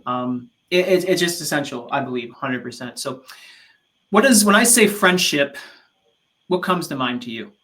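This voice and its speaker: A man co-hosting a casual faith-based podcast chat, telling animated stories with many restarts. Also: mid-range voice, normal speed. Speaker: podcast co-host.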